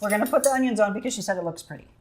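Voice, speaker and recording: A woman's voice: mid-range voice, expressive, racing, crowd noise. A woman hosting a casual cooking segment, upbeat and chatty, laughing often as she talks to her guest and viewers. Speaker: TV show host.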